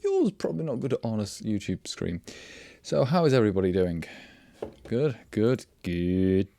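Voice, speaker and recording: A man's voice: mid-range voice, sing-song, a little fast, gravelly, mellow, dry recording. A man hosting a casual programming livestream, rambling and wry, often breaking off mid-word and restarting. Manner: rambling, self-interrupting, wry. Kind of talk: casual live coding chat.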